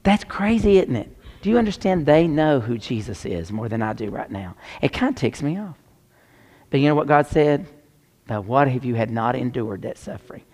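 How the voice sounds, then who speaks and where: A man preaching a sermon as pastor, swinging between loud exclamations and hushed near-whispers. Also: medium pitch, lively intonation, normal speed, big-room sound.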